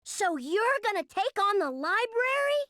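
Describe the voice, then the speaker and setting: A hyper, dim-witted young cat girl meows and chatters in a very high, bright voice. She drags her words out slowly and her pitch bounces wildly. The recording is close and dry. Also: big pitch swings, no echo, full character voice. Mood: playful. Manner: childlike, bubbly, meows.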